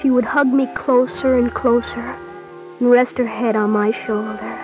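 A woman voicing an earnest young boy who narrates his own sorrow in an old radio drama, with a gentle, solemn manner. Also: on the high side, fairly even intonation, unhurried, close to an everyday voice. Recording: dull lo-fi old recording with music.

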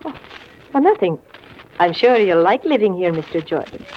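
A woman's voice: lowish voice, very animated, normal speed, heavy background noise. A coy, sly lady. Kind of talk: 1940s radio acting. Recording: dull old radio recording.

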